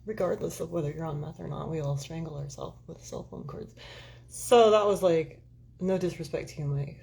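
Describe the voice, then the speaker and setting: A woman with a fairly low-pitched voice talks casually to her live-stream viewers. She rambles from thought to thought and swears freely, candid and unfiltered as she calls out to people in the chat. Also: normal speed, creaky, mellow. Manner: rambling, candid and profane, talking straight to viewers. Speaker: livestream host chatting with viewers.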